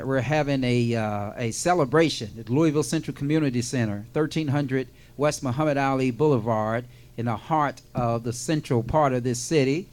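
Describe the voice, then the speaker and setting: A man's voice: mid-range voice, a little mellow. A man hosting a radio show in casual chat, joking and repeating words for emphasis.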